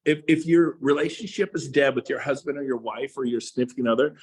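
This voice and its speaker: A man's voice: mid-range voice, quick pace, slightly rough. A man, a real estate coach, giving an emphatic motivational speech to agents and firing rhetorical questions at them. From Texas.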